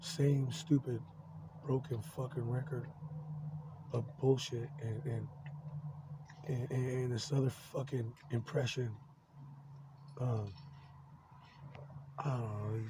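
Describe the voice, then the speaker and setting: A man's voice: medium pitch, fairly even intonation, background noise. A man in his forties talking in a rambling personal monologue, agitated and swearing constantly, stumbling over restarts. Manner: profane, agitated, halting with many restarts.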